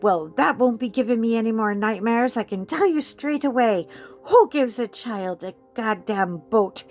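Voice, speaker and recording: A woman hosting a coloring chat, telling a story casually with animated delivery and frequent laughter. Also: medium pitch. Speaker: host.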